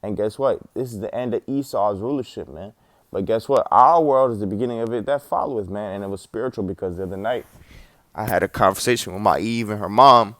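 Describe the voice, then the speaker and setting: A man's voice: fairly low pitch, brisk, fairly bright tone, dry recording, clean studio sound. A man giving a casual spoken religious testimony, rambling and slangy, with lots of fillers and the odd swear word.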